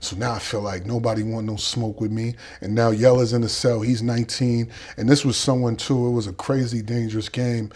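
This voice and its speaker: A man's voice: medium pitch, flat delivery, a little fast, hardly any pauses, darkish tone. A middle-aged man from Boston with a Boston accent, a podcast guest animatedly telling his story and acting out the voices of others. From Boston, Dorchester. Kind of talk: storytelling interview.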